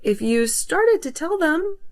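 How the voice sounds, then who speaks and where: A woman's voice: sits high, very animated, takes it slowly, exaggerated voice. A woman playing a betrayed young woman who speaks firmly and coldly to her cheating ex, in a narrated story drama. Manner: firm, scolding.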